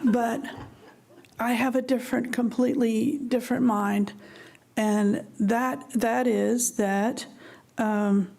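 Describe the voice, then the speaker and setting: Woman, memorial remembrance, slightly high, gravelly, thinking aloud. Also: mellow. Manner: searching, thinking aloud with restarts. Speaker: memorial speaker. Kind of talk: personal remembrance at a memorial service. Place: ashram gathering hall.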